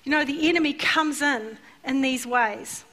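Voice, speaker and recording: A woman's voice: high-pitched, a little slow. A middle-aged woman preaching a sermon in church, telling stories animatedly and acting out the voices. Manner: animated storytelling, acts out voices. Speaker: church speaker.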